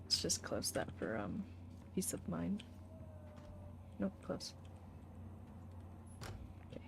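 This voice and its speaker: A woman streamer giving relaxed, soft-spoken casual commentary while playing a game. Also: lowish voice, slow pace, creaky, noisy background.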